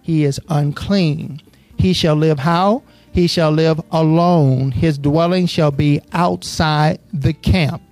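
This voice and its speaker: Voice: mid-range voice, slow pace, dry recording, faint music behind. A preacher reading scripture aloud and quizzing the congregation on the missing words, then building into passionate preaching. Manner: asks the congregation to fill in words; builds from steady Bible reading to impassioned preaching. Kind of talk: sermon with call and response. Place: church.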